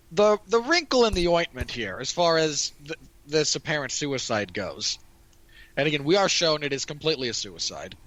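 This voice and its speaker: A man's voice: on the high side, a bit bright, dry recording, rough recording. A man hosting a casual movie review podcast, rambling with many restarts and repeated "again". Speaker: podcast host.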